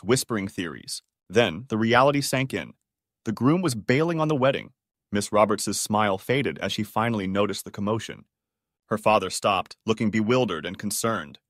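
A man reading a story aloud as a scripted narrator, with an even-paced, dramatic telling. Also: mid-range voice, dry recording, studio quality.

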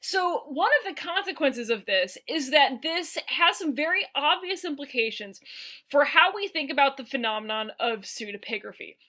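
A woman's voice: high-pitched, expressive, moderate pace, pushed and bright. A woman co-hosting an academic podcast, explaining scholarly concepts step by step in a lecturing way. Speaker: podcast co-host.

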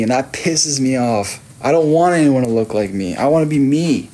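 On a late-night livestream, an Australian man in his thirties reads his viewers' messages aloud and teases them in a playful, casual way. He has a dark, mid-range voice, speaks at normal speed with few pauses, and there's a little hiss or hum.

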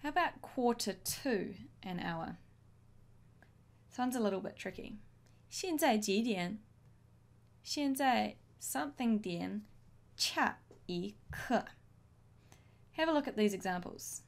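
A woman teaching a language lesson, modelling each phrase slowly and clearly for learners to repeat. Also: medium pitch, expressive, darkish tone. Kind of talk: slow, deliberate language lesson.

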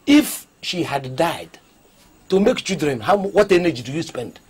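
A man's voice: on the high side, animated, measured pace, slightly rough. A middle-aged man with a Nigerian accent playing a stingy, evasive father who wheedles and dodges. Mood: defensive.

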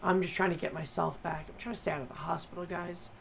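Blunt woman venting with vocal fry. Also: fairly low pitch, fairly even intonation, quick pace, slight background noise, low-quality recording. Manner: blunt, profane and emphatic; venting, frustrated. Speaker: vlogger. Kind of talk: candid personal vlog.

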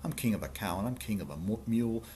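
Brief: grandiose bragging turtle king, read by a man, low voice, commanding. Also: lively intonation, quick pace, mellow, slight background noise, natural voice. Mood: boastful. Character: boastful bossy male turtle king.

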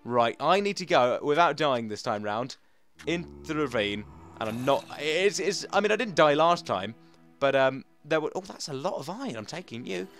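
A young man giving casual let's-play commentary, chatting to his pets and himself and jumping into high-pitched shouts. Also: expressive, moderate pace, soft background music. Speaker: gaming channel host.

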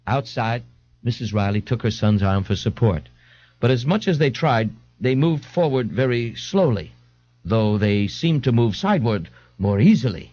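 A man narrating an audiobook in an expressive, theatrical reading style. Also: fairly low pitch, normal speed, no echo. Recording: dull lo-fi dry studio tape.

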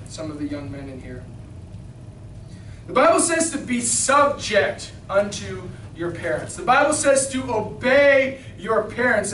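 A man preaching a King James sermon in a small church, reading scripture and exhorting with fervent, emphatic bursts of shouting. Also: extremely high pitch. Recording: roomy hall, mic at a distance, faint noise.

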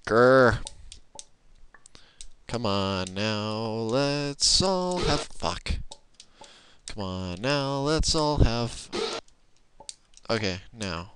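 A young man casually commenting on a platform game, excitable, muttering and swearing at it, recorded on a laptop microphone. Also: mid-range voice, very slow, pauses often, slight background noise. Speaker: let's play gamer.

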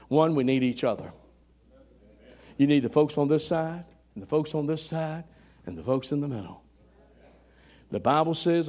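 A man's voice: fairly high pitch, mellow. A man preaching a sermon in a church, fervent and calling out members of the congregation by name. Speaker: pastor. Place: church sanctuary.

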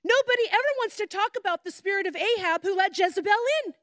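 A middle-aged woman, a pastor's wife, preaching a sermon with animated storytelling and chatty asides. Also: very high-pitched, quick pace, dry recording, studio quality.

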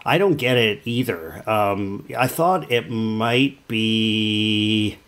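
Lower-voiced wry male podcast co-host. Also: fairly bright tone. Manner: thoughtful, wry, pauses often with fillers. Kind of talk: casual chat.

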